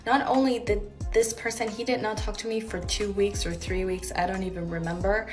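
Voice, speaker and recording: Woman, vlog rant, sarcastic and indignant, animated storyteller. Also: medium pitch, a little fast, soft background music.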